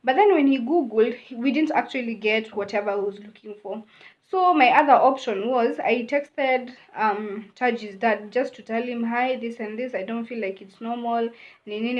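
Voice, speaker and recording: Chatty young Kenyan woman, lo-fi sound. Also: fairly high pitch. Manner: chatty, mixes in Swahili phrases. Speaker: vlogger. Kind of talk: casual storytime.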